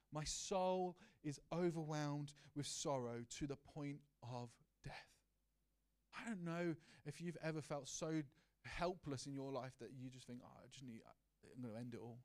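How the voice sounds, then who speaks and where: A man delivering a heartfelt sermon, his voice sitting a little higher than most men's. He speaks earnestly and personally and sometimes sinks into a hushed tone. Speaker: preacher.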